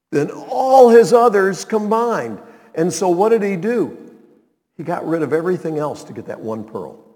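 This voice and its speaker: A man's voice: mid-range voice, dark tone, in a large hall. A male pastor preaching a sermon in an emphatic way, repeating his key phrases.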